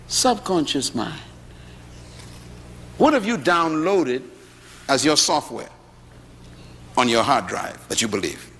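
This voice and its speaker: Animated preacher man in an echoey hall. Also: fairly high pitch, slight background noise. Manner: lively preaching with rhetorical questions and humorous storytelling. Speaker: pastor. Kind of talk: sermon. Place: large hall with audience. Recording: echoey hall, faint ambience.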